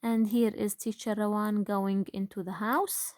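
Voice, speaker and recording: Woman teacher, very slow and patient, lots of fillers, dry close sound. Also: mid-range voice, little pitch movement, darkish tone, no room sound. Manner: slow, patient, with frequent fillers and rhetorical questions. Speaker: grade one teacher. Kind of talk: online phonics lesson.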